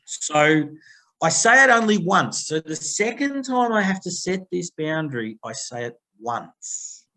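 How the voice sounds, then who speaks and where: An Australian man in middle age with a fairly high-set voice, speaking as a guest on a podcast. He tells stories with animation, slips into quoted voices and lays out advice in a plain conversational way. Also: measured pace. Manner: animated storytelling, acting out phone quotes. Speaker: guest, people-pleasing coach.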